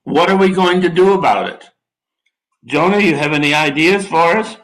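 A man's voice: fairly high pitch, animated, normal speed, a bit bright, low-quality recording. An older man preaching a sermon, reading scripture and breaking off into folksy, wry asides to his listeners. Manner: folksy, drawling Bible teaching with asides.

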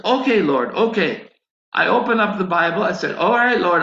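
A man's voice: high voice, lively intonation, normal speed, vocal fry, bright, forceful tone. A man preaching a sermon, telling a personal story and acting out his own prayers. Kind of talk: sermon testimony. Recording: echoey, dull lo-fi sound.

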